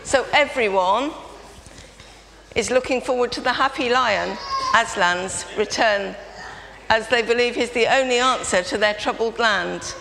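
A woman's voice: on the high side, measured pace, gravelly. A woman leading a children's talk in a church service, prompting the congregation to join in. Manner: lively, prompting audience participation. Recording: reverberant church, faint background noise.

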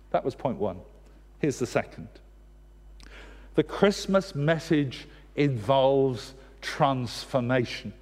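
A man's voice: medium pitch, a little mellow. A man preaching a sermon, earnest and direct, with wry humorous asides. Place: church. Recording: long church reverb.

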